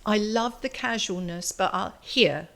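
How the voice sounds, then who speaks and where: A woman's voice: mid-range voice, a little slow, gravelly, a bit bright. An older woman with a London English accent, chatting casually as an interview guest and thinking aloud. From London, England. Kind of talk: casual chat.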